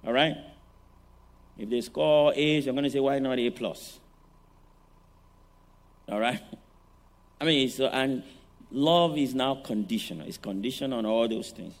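A man preaching a sermon on parenting, animated and rhetorical, often checking in with his listeners. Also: mid-range voice, gravelly. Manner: animated, rhetorical, often asks "all right?".

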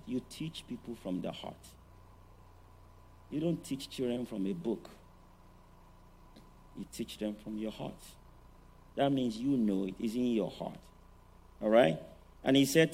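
A man preaching a sermon on parenting, animated and rhetorical, often checking in with his listeners. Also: medium pitch, moderate pace, pauses often. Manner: animated, rhetorical, often asks "all right?".

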